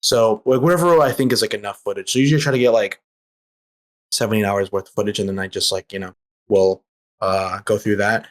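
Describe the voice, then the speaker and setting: A man's voice: on the low side, fairly quick. A young man telling a story as a guest on a casual podcast, rambling with lots of filler words and slang.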